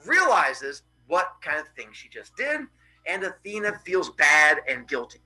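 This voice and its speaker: A man's voice: on the high side, big pitch swings, measured pace, music in the background, rough recording. A male teacher dramatically retelling a Greek myth to his class in a casual, playful way. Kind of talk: animated classroom storytelling.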